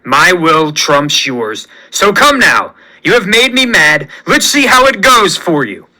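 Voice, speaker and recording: A man's voice: high voice, very animated, slow, pushed and bright, full character voice, rough recording. A man voicing a gloating, villainous male president in a menacing, sneering manner.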